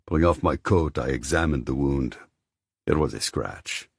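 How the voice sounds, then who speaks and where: A man reading a first-person audiobook narration in a cool, measured way. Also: very deep voice, vocal fry, husky, dry recording, clean studio sound.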